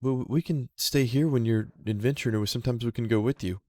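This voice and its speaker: Timid male raccoon, put on by a man, stammering, higher voice. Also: fast, a little mellow, no room sound, studio quality, natural voice. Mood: sheepish. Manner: hesitant, stammering. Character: gentle young male pet raccoon.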